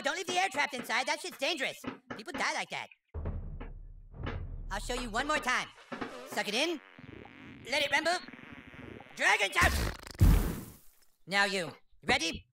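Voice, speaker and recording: A man's voice: extremely high pitch, gravelly, heavily acted. A man voicing a bossy, pompous boy who plays a grand wizard, with a crude and commanding manner, in video game voice acting. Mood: dramatic. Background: game music.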